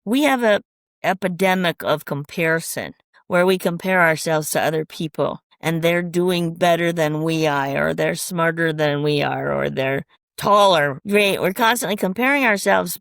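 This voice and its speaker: A woman from Minnesota, a transformation coach, telling lively stories in an interview and acting out what people said. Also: fairly low pitch, dry recording, studio quality. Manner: animated storyteller acting out quoted voices. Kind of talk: storytelling interview answers.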